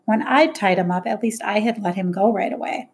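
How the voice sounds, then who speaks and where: A woman reading a first-person novel aloud in plain, measured storytelling. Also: medium pitch, darkish tone, breathy edge. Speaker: audiobook narrator. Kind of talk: first-person audiobook narration.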